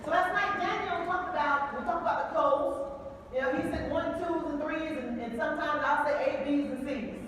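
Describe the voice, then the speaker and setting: A woman's voice: high voice, moderate pace, noisy background. A woman with a Southern US accent giving a preachy sales talk to an audience, repeating phrases and asking the room to answer back. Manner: preachy, call-and-response, repeats phrases for emphasis. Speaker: sales trainer. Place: large hall with an audience. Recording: echoey hall, voice from far off.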